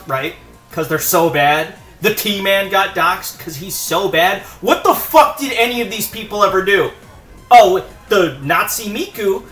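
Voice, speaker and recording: High-voiced man in a swearing rant. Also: moderate pace, a bit bright. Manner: swearing, emphatic, contemptuous. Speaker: video essay host. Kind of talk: profane heated rant. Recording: roomy echo with faint music.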